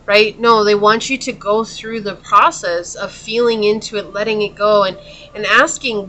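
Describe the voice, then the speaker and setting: A woman's voice: mid-range voice, fairly even intonation, moderate pace, bright, forceful tone. A woman doing a pick-a-card tarot reading, talking straight to the viewer in an earnest, consoling way. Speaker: tarot reader.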